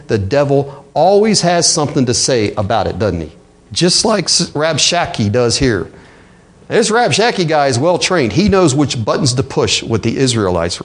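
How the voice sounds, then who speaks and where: A male pastor preaching a sermon in a conversational way, often asking the congregation rhetorical questions. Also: medium pitch.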